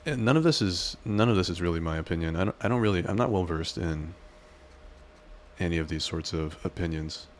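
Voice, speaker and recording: A man casually commenting on his gameplay and chatting with his viewers in a relaxed way. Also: low voice, brisk, a little hiss or hum. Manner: relaxed, chatty, talks to chat. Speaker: game streamer.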